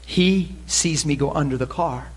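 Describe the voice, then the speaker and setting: A pastor telling a story from the pulpit in an animated way, dropping quiet and then laughing and shouting. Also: male voice, on the high side, measured pace, slightly rough. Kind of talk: storytelling sermon. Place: church sanctuary pulpit.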